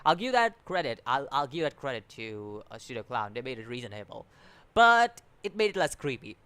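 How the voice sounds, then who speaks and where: A man's voice: mid-range voice, very animated, fairly quick, sharp tone, clean tone, no echo. A man giving a casual, rambling review, often restarting his sentences and sounding exasperated. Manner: rambling, repeats words, many restarts and fillers; exasperated, complaining. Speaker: anime reviewer.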